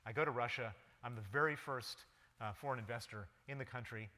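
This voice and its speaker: A man's voice: mid-range voice, a little fast, sharp tone. A man giving a public lecture, recounting a personal story vividly in the present tense. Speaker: guest lecturer. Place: lecture hall. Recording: long reverb of a lecture hall.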